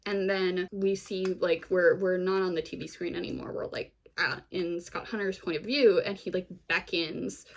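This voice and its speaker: A woman's voice: fairly low pitch, fairly even intonation, normal speed, few pauses. A woman vlogger giving a casual, gossipy recap of a TV series, full of fillers and wry asides.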